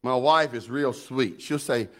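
A middle-aged man preaching with a drawl, his delivery animated and folksy. He stumbles over repeated words as he gets worked up, then eases into homespun asides. His voice sits at an ordinary pitch for a man, and it sounds like a church sermon. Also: unhurried. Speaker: pastor.

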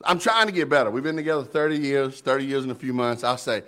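A middle-aged man preaching a sermon in an animated, folksy way, often repeating words as he builds up. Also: mid-range voice, fast talker, hardly any pauses. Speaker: pastor.

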